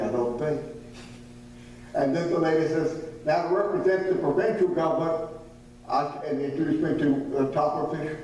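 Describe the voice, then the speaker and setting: A man's voice: a little high, dark tone. A man with a Southern American accent, a visiting missionary preacher telling a folksy, humorous story in a sermon, acting out the voices of people he quotes. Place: church sanctuary. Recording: echoey church hall from far off, faint hum.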